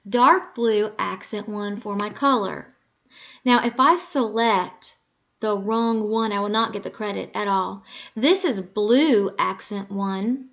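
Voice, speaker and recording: A woman teaching a screen-recorded software lesson, patiently talking through each click and correcting her own slips aloud. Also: medium pitch, takes it slowly, dull audio.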